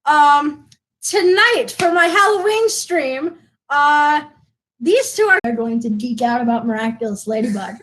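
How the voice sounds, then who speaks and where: A woman's voice: high-pitched, lively intonation, measured pace, a bit bright, rough recording. A woman hosting a casual live stream food challenge, bossy and teasing, laughing often. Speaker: stream host.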